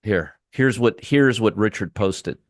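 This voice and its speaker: Sarcastic lowish-voiced man hosting a trading stream. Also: animated, unhurried, no room sound, studio quality. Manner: sarcastic, talks to viewers and chat; restarts and trails off while working his screens. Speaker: trading room host. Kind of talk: live market commentary.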